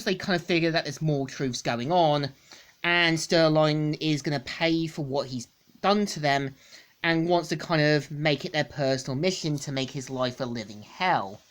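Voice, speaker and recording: A woman reviewing a comic book in a casual, rambling plot recap, repeating stock phrases. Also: low voice.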